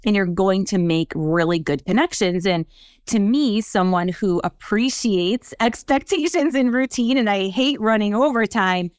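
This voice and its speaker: A woman's voice: mid-range voice, a little slow, clear, resonant tone, no room sound, studio quality. A woman hosting a podcast, enthusiastic and asking long, winding questions of her guest. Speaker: podcast host. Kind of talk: interview conversation.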